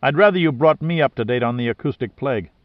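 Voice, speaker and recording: A man reading the part of a cool, offhand male adventurer who stays calm in danger. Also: mid-range voice, fast, dry recording, lightly acted. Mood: wry. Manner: laid-back, offhand. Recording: dry, slightly dull lo-fi sound.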